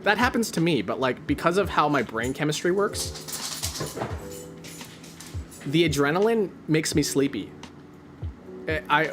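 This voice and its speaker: A man streaming as a VTuber, chatting casually in a rambling, playful, excitable way over faint music. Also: on the high side.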